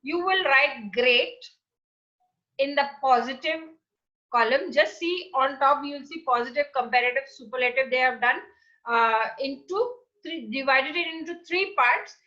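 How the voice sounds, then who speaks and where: A woman teacher with an Indian English accent giving a recorded grammar lesson to children, speaking slowly and patiently, repeating examples and spelling out word endings. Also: high-pitched, pushed and bright. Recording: slightly muffled lo-fi audio.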